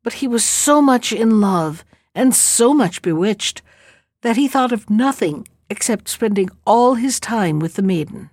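A woman reading a fairy tale aloud in a calm, measured storytelling voice. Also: a little high, dry recording, clean studio sound.

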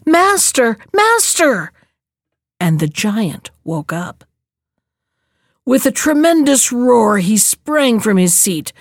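A woman narrating a fairy tale in a clear, measured storybook reading. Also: medium pitch, dry recording, studio quality.

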